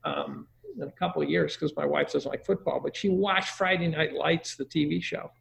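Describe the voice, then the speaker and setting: A man's voice: fairly high pitch, moderate pace, creaky. A middle-aged man giving crude, joking parenting advice in a casual conversation.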